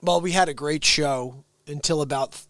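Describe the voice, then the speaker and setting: A middle-aged man hosting a livestream, chatting and ranting comically to viewers, dropping to whispers and jumping to shouts. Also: on the high side, normal speed, dry recording. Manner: excitable, swings from whispers to shouts; playful comic ranting to the chat. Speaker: livestream host. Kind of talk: animated livestream chat.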